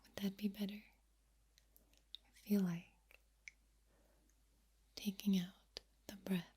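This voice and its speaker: A young woman speaking in a soft, breathy ASMR voice as she moves from ear to ear. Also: mid-range voice, little pitch movement. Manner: breathy and slow, moving from ear to ear. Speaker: ASMR creator.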